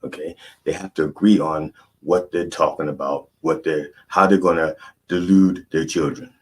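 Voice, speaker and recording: Man with a low raspy voice, rambles through funny stories, keeps cutting himself off. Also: fairly even intonation, normal speed, a little mellow. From Baltimore. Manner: rambling, self-interrupting, irreverent. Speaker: comedic preacher host. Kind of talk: storytelling stand-up monologue.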